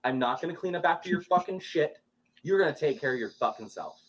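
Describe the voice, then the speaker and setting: A man in the middle of a domestic argument. His voice is husky and breathy, and he stays flat and even while he delivers curt one-liners. His pitch still swings wide. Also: quick pace. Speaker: partner in an argument.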